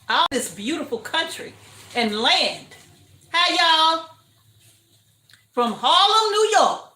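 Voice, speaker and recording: An older woman chats away on a home livestream, calling out greetings to viewers and laughing often. Her voice sits high and bright, and her talk runs slow and easy. The kitchen around her rings with echo. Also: lively intonation. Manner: chatty, greets viewers warmly, frequent laughter. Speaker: homestead livestream host. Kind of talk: casual livestream chat.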